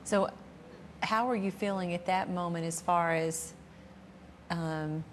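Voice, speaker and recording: A woman hosting a talk show, interviewing a guest with drawn-out affirming reactions. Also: fairly low pitch, fairly even intonation, slight background noise. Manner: warm affirming reactions, slow drawn-out exclamations.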